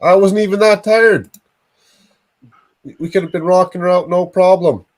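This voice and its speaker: Sitting high at a moderate pace, this livestream host's voice comes through a rough recording. In a casual stream he keeps scolding himself, groaning and cursing frequently.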